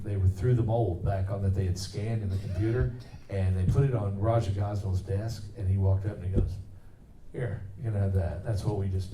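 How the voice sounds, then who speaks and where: A middle-aged man who works as a voice actor, telling loose, rambling anecdotes at a convention Q&A. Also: lowish voice. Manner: loose, rambling, with many fillers. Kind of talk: anecdotal storytelling. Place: convention hall. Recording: echoey hall from far off, faint noise.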